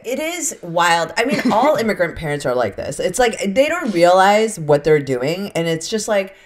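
A woman co-hosting a comedy podcast, cutting in with quick, sassy, teasing remarks. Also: fairly low pitch, big pitch swings. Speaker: co-host. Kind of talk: casual comedic banter.

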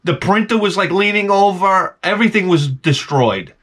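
A man's voice: high-pitched, expressive, moderate pace, fairly bright tone. A man vlogging in a casual, rambling monologue, telling wry stories full of "like"s and restarts. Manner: meandering, wry storytelling with many "like"s.

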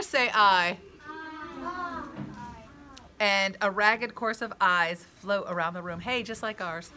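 A woman reading a children's chapter book aloud, expressive, gasping and adding asides to young listeners. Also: medium pitch, slight background noise.

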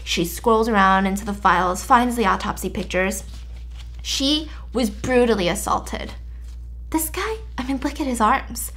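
Casting: young woman, chatty storytime vlogger, animated, a bit high. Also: measured pace. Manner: chatty, animated retelling with mock-censored swears. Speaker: YouTube storyteller. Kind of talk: casual storytime while baking.

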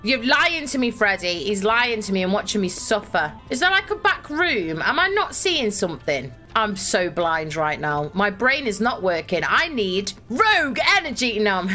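Bright, swearing gamer woman. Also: mid-range voice, sing-song, normal speed, hardly any pauses, soft background music. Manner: swearing, exasperated, thinks aloud. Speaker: gaming streamer. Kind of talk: live gameplay commentary.

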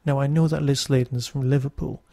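A man's voice: mid-range voice, steady tone, fairly quick, gravelly, warm tone, dry recording. A Newcastle man with a Geordie accent hosting a podcast, reviewing in a chatty, wry, digressive monologue. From Newcastle, England. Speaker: podcast host.

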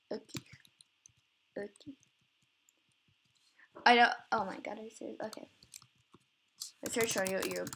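Medium-pitched with vocal fry, her voice comes through with a little hiss or hum. The young woman is recording gameplay, chatting casually, rambling, and often giggling at herself.

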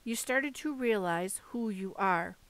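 A woman voicing a touchy, jittery young satyr boy, half goat, with a high nervous edge in an audiobook reading. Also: measured pace, a bit bright, no echo. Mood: indignant. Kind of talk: audiobook character voice.

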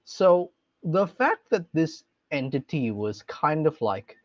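A man's voice: fairly high pitch, very animated, takes it slowly, dry recording. Man, podcast co-host, thoughtful, lots of likes, dry close sound, dull lo-fi audio. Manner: thoughtful, hedging with many likes. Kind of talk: casual chat about ghost stories.

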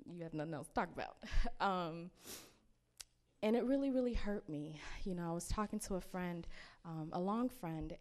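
A young woman, a student speaker at a campus ministry, giving a personal testimony sermon in an earnest, halting way with many fillers. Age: young adult. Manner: quotes others in animated high-pitched voices.

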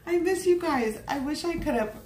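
A woman's voice: sits high, animated, moderate pace. A woman teaching a live painting lesson, chatting affectionately with her viewers in a bubbly way. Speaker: art teacher. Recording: echoey room, faint background noise.

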